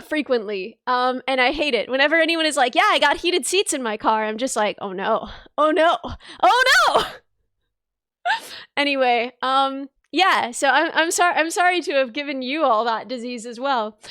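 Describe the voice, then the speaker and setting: A woman streamer with a high voice chats casually and playfully, now and then clipping her words for a joke. Her voice sits close and dry on the mic, with no room sound. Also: lively intonation, moderate pace, fairly bright tone, dry recording. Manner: playful, drops articles jokingly. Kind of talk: casual chat. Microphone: desk mic at computer.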